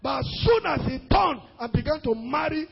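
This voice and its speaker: A man preaching a sermon as pastor, rising into sung and shouted emphasis. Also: very high voice, animated, moderate pace, creaky, big-room sound, highs cut off, noisy background.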